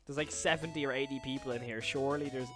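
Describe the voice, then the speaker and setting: A man's voice: mid-range voice, steady tone, fast, music in the background. Stunned male streamer muttering in disbelief. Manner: stunned, repeating himself in disbelief; swings between loud outbursts and muttering. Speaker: live streamer. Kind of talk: live stream reaction to chat.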